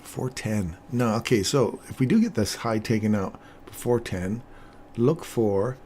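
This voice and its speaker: An older man talks casually through a live trading session, chatting with viewers between remarks on the charts. His voice sits low, and a faint background noise runs under the recording. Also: a little slow. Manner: chatty, laughs often, animated when storytelling. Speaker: trading stream host. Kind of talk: casual live-stream commentary.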